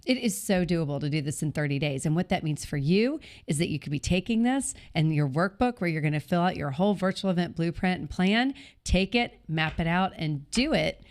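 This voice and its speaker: A woman's voice: fairly low pitch, expressive, a little fast, hardly any pauses, darkish tone. A woman hosting a live online Q&A, speaking with enthusiastic, coaching energy. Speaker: host and event organizer. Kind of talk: live online Q&A, motivational pitch.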